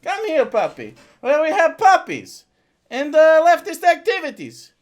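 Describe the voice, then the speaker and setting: A high, soft-voiced "Jan" who talks in small, careful, childlike sentences, a meek European caricature of a male pundit, as a man puts him on. His phrasing is gentle and halting, like someone trying very hard to be nice. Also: wildly swooping pitch, muffled recording, full character voice. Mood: gentle, silly. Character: meek, simple-minded European parody of a male political commentator.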